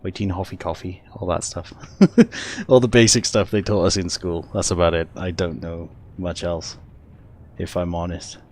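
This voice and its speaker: Brief: Welsh male streamer, slightly low voice, relaxed running commentary, quick to laugh. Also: a little hiss or hum. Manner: chatty, laughs often, talks to viewers. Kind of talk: casual gameplay commentary.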